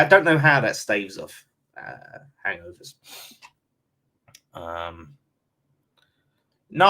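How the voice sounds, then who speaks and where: A man hosting a laid-back fan live stream reads out viewer comments in a blunt, chatty manner, addressing everyone as mate. He has an Essex and London accent and a medium-pitched, fairly bright voice.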